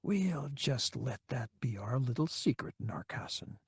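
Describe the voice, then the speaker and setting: A man's voice: medium pitch, sing-song, unhurried, gravelly, darkish tone, husky, no echo, clean studio sound, exaggerated voice. A man voicing a male pilot muttering wryly under his breath. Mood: hushed, wry.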